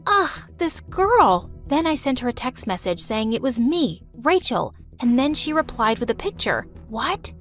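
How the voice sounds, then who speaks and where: High-voiced woman narrating an animated drama. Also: normal speed, few pauses, faint music behind. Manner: dramatic, emotional storytelling. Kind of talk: first-person story narration.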